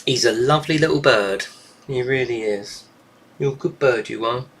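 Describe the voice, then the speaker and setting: This man, a gaming YouTuber, talks into a desk microphone during a live stream from his home desk. He's rambling and chatty, cooing in a high voice at his pet bird. His husky voice has a fairly bright tone and moves at normal speed.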